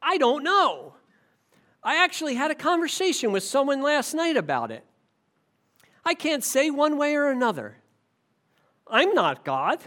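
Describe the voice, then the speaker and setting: A man preaching a sermon as pastor, impassioned, swinging from forceful emphasis down to low, quiet stretches. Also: very animated, measured pace, long pauses. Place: church sanctuary.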